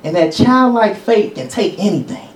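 A man's voice: high-pitched, lively intonation, moderate pace, echoey room, recorded from a distance, low-quality recording. A male preacher giving a conversational teaching sermon. He chuckles between points and calls out for amens. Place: church sanctuary.

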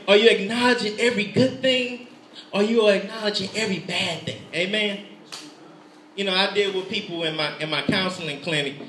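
A man preaching a sermon, swinging between loud fervent exhortation and quiet intimate asides, often laughing as he talks. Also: high-pitched, reverberant, slight background noise, poor audio.

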